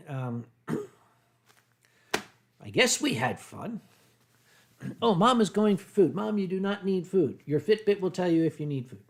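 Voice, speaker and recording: A middle-aged American man talks in a Philadelphia accent, answering his stream chat at an easy ramble. His voice sits a touch high for a man. He clears his throat often and trips over his own restarts. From United States. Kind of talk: casual livestream chat.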